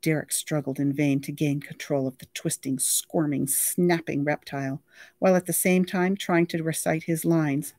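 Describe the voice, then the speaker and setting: A library reader reading a novel aloud with lively, expressive storytelling. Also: medium pitch, normal speed, no echo, clean studio sound.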